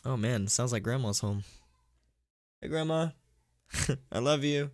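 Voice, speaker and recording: A man's voice: mid-range voice, takes it slowly, no echo, clean studio sound. A man reading a horror story live on stream, tripping over words, laughing at his own mistakes and chatting with donors. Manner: stumbling, self-mocking, laughing at his own slips; chatty, thanks donors between passages. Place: at home.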